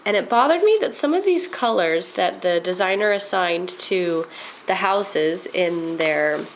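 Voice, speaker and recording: A woman's voice: fairly low pitch, lively intonation, a little slow, slight background noise, poor audio. A woman vlogger chatting casually as she shows her craft project, rambling a little with frequent ums. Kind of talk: casual show-and-tell.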